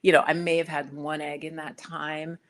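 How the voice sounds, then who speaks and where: A woman's voice: deep voice, moderate pace. A woman hosting a spiritual talk, chatting casually with live viewers and acting out little conversations as she tells a story. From United States. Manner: chatty and animated, acts out quoted exchanges. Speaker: spiritual video host.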